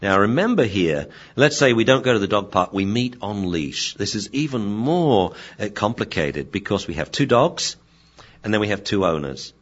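A man, a veterinarian and dog trainer, explaining dog behavior in a lively storytelling manner. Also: on the low side, moderate pace. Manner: lively storytelling, acting out scenes. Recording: dull lo-fi sound.

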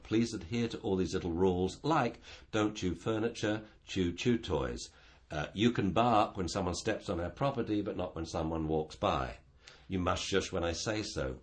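A man talking about dog training in a casual chat, animated and acting out little dialogues. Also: deep voice.

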